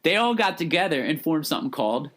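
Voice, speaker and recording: A man's voice: fairly high pitch, sing-song, fast, fairly bright tone. A man in his thirties co-hosting a podcast, chatting casually, laughing often and rambling through restarts. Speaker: podcast co-host. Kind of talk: casual chat.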